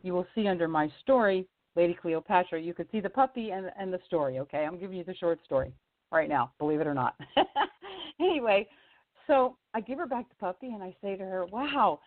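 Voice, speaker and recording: A woman's voice: fairly quick, no room sound. Chatty woman telling stories over a phone line. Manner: animated storyteller, jumps into high voices for quoted people, laughs often. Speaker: singer-songwriter guest. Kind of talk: casual storytelling on a radio interview. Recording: tinny phone line, dry.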